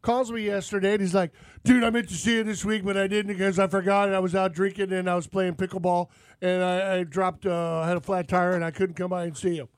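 High-pitched guy hosting outdoors radio, rambly and jokey, dry close mic. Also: little pitch movement, quick pace, no echo. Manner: loose, joking, rambling with fillers. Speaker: radio show host. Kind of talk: casual radio chat.

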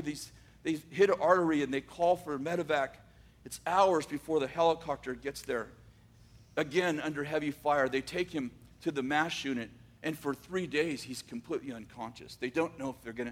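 A man telling a dramatic story, swinging from loud bursts to hushed asides. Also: fairly high pitch.

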